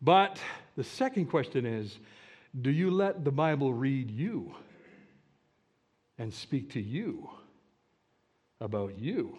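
A middle-aged man preaching a sermon as pastor, animated and asking the congregation rhetorical questions. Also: medium pitch, takes it slowly, pauses often, husky. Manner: animated, rhetorical questions, mock-whiny quoting.

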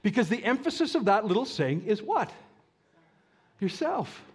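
Male pastor, high lively voice, slow deliberate sermon delivery with questions to the audience.

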